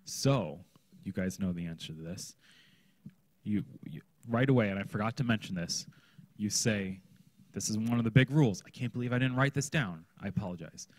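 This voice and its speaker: A children's pastor teaches a workshop in a conference room, keeping it conversational and frequently checking in with the group. He speaks at a normal speed in a lowish voice, heard without echo.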